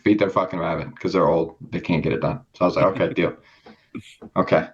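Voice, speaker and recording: A man's voice: deep voice, fairly even intonation, quick pace, breathy edge. A young man on a podcast telling a rambling story in casual chat, swearing often and acting out the people in it. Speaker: podcast co-host. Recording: dull lo-fi sound.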